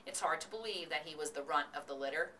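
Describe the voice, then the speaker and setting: A woman's voice: low-pitched, quick pace, bright, forceful tone. A woman voicing a hearty farmer father in a storybook, calling out cheerfully, recorded from a distance with faint hiss.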